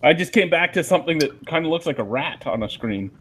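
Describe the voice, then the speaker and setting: A man's voice: a little high, expressive, quick pace, a bit bright, husky. A man chatting offhandedly and wryly on a casual video call. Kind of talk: casual group chat. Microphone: video call mic.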